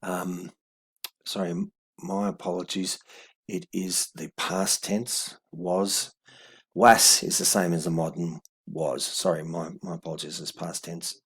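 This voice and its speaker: A man giving a video lesson, explaining in a halting way with many fillers and corrections. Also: deep voice, flat delivery, a bit bright, husky. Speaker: language teacher.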